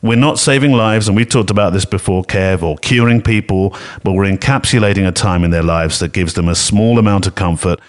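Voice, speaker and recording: Deep, velvety-voiced man chatting. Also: fairly quick, few pauses. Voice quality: smooth velvety voice. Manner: chatty and rambling, often laughing. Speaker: podcast co-host. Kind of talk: casual podcast chat. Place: echoey room in a home studio. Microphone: podcast mixing desk microphone.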